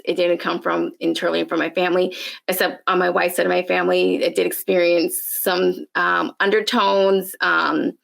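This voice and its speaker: Brief: woman guest, gravelly fry in her voice, hesitant and thoughtful talk. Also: lowish voice, fairly bright tone. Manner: thoughtful, hesitant, many fillers. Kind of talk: casual discussion.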